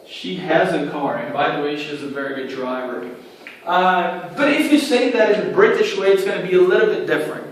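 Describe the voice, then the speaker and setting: A male English teacher giving a whiteboard grammar lesson, explaining slowly and repeating each point step by step. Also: a little high. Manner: slow, repetitive, explaining step by step. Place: room with a writing board. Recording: very echoey room, far from mic, faint noise.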